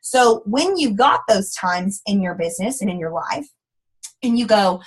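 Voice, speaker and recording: A woman leads a motivational business training, sassy and folksy. She talks animatedly and slips into mocking voices for the people she quotes. Her voice sits somewhat high for a woman. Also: lively intonation, moderate pace, rough recording. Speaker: network marketing team leader.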